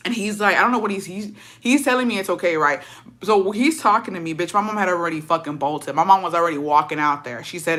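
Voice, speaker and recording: Young woman storyteller with a bright, ringing voice. Swears freely, mixes in Spanish, and tells the story in a dramatic, animated way. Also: lowish voice, quick pace. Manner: profane, slangy, mixes in Spanish phrases. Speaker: storytime vlogger. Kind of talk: casual storytime.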